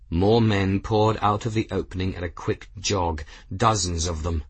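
A man reading fiction as an audiobook narrator, in a steady, measured scripted narration. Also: low-pitched, breathy edge, no room sound.

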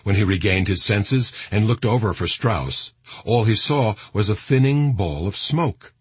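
A man's voice: on the low side, expressive, a little slow, husky, no echo. A man doing a dramatic scripted audiobook narration, reading with wide swings in emphasis.

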